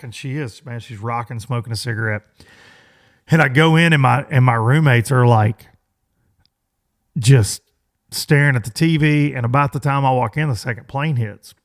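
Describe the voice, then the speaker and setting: A man in his forties with a medium-pitched voice speaks at a moderate pace. As a podcast host, he delivers a casual storytelling monologue that rambles loosely, full of fillers and restarts.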